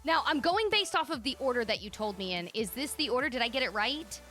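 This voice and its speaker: High, lively gushing woman streamer. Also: fast talker, faint music behind. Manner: gushing, excitable, thinks aloud. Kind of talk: live game stream commentary.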